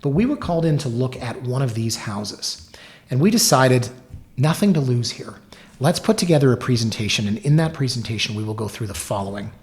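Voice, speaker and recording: A middle-aged man hosting his own real-estate podcast, telling stories in an animated, wry way with joking asides. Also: mid-range voice, a little fast. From Canada. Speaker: realtor and podcast host. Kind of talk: solo podcast talk with storytelling.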